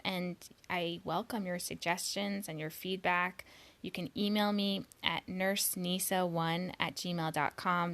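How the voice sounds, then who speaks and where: Slow, careful woman podcast host. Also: fairly low pitch, a bit bright. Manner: deliberately slow and clearly enunciated.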